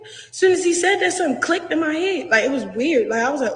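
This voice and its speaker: A woman's voice: sits high, expressive, fast talker. A woman bluntly retelling her own story, swearing freely and acting out what people said to her. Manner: blunt, profane, acts out what was said. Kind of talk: candid personal retelling. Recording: echoey clip with long reverb.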